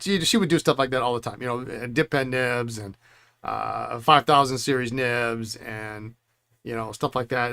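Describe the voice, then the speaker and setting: The host of this pen repair stream, a middle-aged man, chuckles often as he rambles through stories in relaxed chat over his work. His voice is mid-range and slightly bright.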